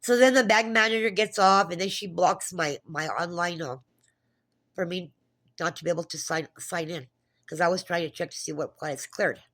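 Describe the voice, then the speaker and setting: Woman vlogger, low-ish voice, heated and profane, rambling restarts. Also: moderate pace, a bit bright. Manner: agitated, profane retelling with frequent restarts. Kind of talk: casual monologue.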